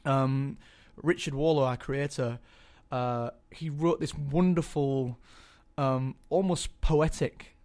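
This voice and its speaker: A man's voice: medium pitch, steady tone, slow, hardly any pauses, a little mellow. Chatty young man with many ums. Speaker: guest actor. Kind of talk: casual interview chat.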